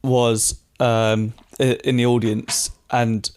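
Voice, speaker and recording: A British man hosting a podcast, with an easygoing, halting delivery. He often circles back and restarts as he hunts for the right word. His voice has a mid pitch for a man. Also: little pitch movement, darkish tone, smooth. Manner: hesitant, many fillers and restarts. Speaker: podcast host. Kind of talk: casual podcast chat.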